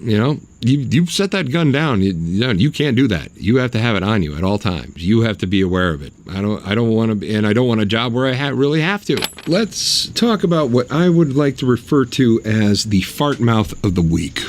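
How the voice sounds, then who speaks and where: A man's voice: lowish voice, lively intonation, a little fast, hardly any pauses, a little hiss or hum. A man hosting his own podcast, talking in a blunt, sarcastic and mocking way. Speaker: podcast host. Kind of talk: opinionated solo podcast monologue.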